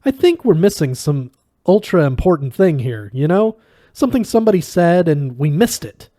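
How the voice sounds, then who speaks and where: A man voicing a brash, excitable male alien adventurer who talks loudly in slang. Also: fairly high pitch, normal speed, dry recording, clean studio sound, voice pushed up. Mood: excited.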